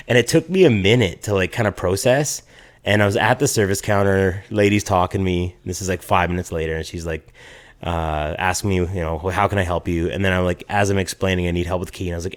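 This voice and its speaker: Low-voiced man telling an animated story. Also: fast. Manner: animated, swearing, heavy filler "like", laughs mid-story. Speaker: podcast co-host. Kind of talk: casual chat, storytelling.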